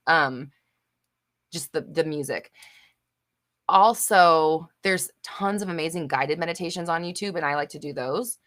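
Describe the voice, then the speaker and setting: Young woman doing a live q&a, low voice but bright and sharp, blunt and sweary, lots of ums and likes. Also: measured pace. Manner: blunt and emphatic, swears casually, lots of fillers. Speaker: host of a live manifestation Q&A. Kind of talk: casual live chat reading viewer comments.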